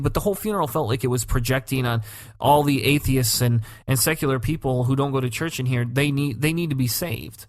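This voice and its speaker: A man's voice: mid-range voice, brisk, dry recording, studio quality. A man co-hosting a podcast in casual chat, telling a story with energy, swearing freely and acting out the quotes. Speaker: podcast co-host.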